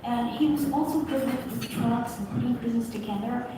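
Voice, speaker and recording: High voiced woman getting all gushy on stage, super echoey hall, mic far off. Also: moderate pace, noisy background. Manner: warm, gushing, emotional storytelling. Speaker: guest on stage. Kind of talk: live stage conversation. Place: large venue with audience.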